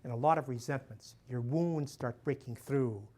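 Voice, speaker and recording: At a normal pace, an older priest with a mellow, mid-range voice chats folksily to a live audience. He laughs at his own jokes and sprinkles in "you know" and "and so on."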